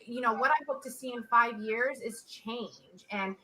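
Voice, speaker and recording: A woman's voice: on the high side, a little slow, sharp tone, rough recording. A woman in her forties, an interview guest speaking earnestly on a video call and repeating words for emphasis. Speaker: interview guest, social entrepreneur. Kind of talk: emotional interview talk.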